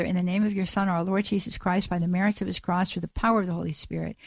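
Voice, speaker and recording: A woman hosting a call-in radio show, praying aloud for a listener in an earnest, halting way and often repeating her words. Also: on the low side, dry recording. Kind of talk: prayer and call-in radio talk.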